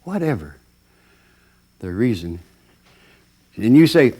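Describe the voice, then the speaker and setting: A man's voice: on the low side, slow, pauses often, slightly rough. A man giving a storytelling talk, acting out the voices of the people in it, with plenty of ums and uhs. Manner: animated, acts out voices, many fillers. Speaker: lecturer.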